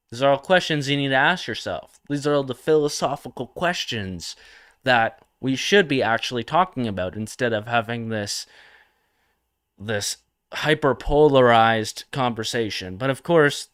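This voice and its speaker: A man's voice: medium pitch, a bit bright, clean tone, no echo, studio quality. A young man hosting a satirical comedy livestream, talking provocatively and mockingly and reading comments from chat.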